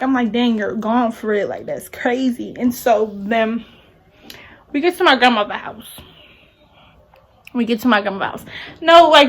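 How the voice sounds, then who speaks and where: Close to her camera mic, a young vlogger tells a rambling, emotional story, often repeating herself. Her voice runs a little high, with a fairly bright tone.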